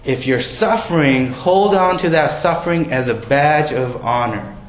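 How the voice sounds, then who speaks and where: A man's voice: fairly high pitch, a little slow. A man preaching a sermon in a conversational way, often asking his listeners questions. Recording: roomy with faint background noise.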